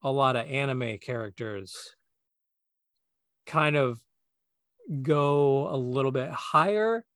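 A man co-hosting a podcast, talking in a relaxed, easygoing way and thinking aloud with plenty of filler words. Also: medium pitch, slow, pauses often, no room sound, clean studio sound. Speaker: podcast co-host, voice actor. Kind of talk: casual podcast chat.

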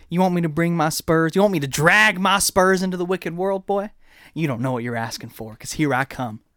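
A man's voice: a bit bright, no echo, studio quality, natural voice. A man doing a drawling cowboy wrestler. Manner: low drawling trash talk, calling everyone boy. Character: swaggering cowboy wrestler, threatening and folksy. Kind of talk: wrestling promo.

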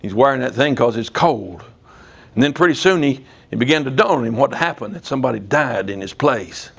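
A man preaching a sermon in a prison, telling a story in a folksy, animated way. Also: medium pitch, fairly quick, creaky, breathy edge, dull audio. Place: prison chapel.

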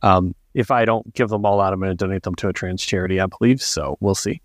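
A man's voice: deep voice, fast, no echo, clean studio sound. A man hosting a podcast, friendly and upbeat as he wraps up the episode. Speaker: podcast host. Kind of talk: casual podcast chat.

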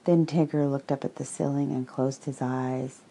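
A woman reading a children's storybook aloud in a slow, gentle way. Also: extremely low pitch, steady tone, slightly rough, rough recording.

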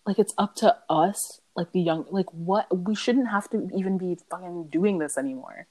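A woman's voice: on the low side, moderate pace, mellow. A young woman co-hosting a casual podcast, frank, exasperated and profane. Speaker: podcast co-host.

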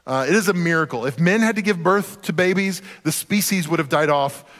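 Pastor with a hall echo. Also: male voice, fairly high pitch, fairly quick, a bit bright. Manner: conversational and joking, acts out quoted voices. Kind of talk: sermon. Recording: long hall reverb.

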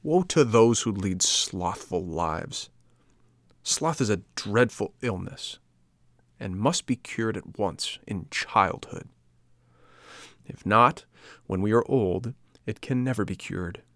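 A man's voice: lowish voice, lively intonation, slow pace, a bit bright, dry recording, clean studio sound, heavily acted. A man voicing a stern, motherly fairy. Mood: admonishing. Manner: solemn, admonishing. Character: kind but stern female fairy, motherly.

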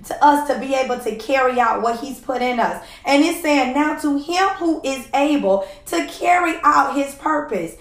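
A woman's voice: high-pitched, normal speed, few pauses, echoey room. A woman hosting a devotional podcast, preaching in a heartfelt, emotional way, close to tears and calling out "y'all" to her listeners. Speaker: podcast host.

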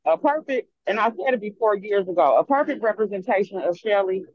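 A caller cuts into a casual gossip chat, apologizing for interrupting and then making a quick point. The line sounds dull and muffled, with the top end cut off, and dry, with no room sound. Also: medium pitch, animated, dry recording.

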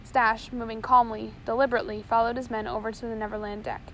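A woman's voice: a little high, flat delivery, fast talker, a little hiss or hum, poor audio. A woman narrating a chapter of a storybook aloud, reading steadily with small slips. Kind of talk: audiobook reading.

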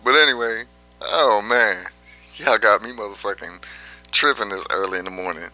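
A man rants on his vlog in a brash, profane way, laughing at his own jabs. His lowish voice has a sharp, tense edge. Faint music plays behind him. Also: moderate pace. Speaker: vlogger. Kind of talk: profane rant commentary.

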